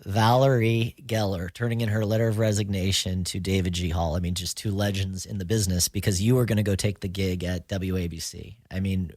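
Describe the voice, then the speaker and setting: An enthusiastic man hosts a podcast interview. He has a lowish voice and reacts to his guest with admiring warmth. He is recorded close and dry. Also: little pitch movement, fairly quick, hardly any pauses, no room sound. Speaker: podcast host.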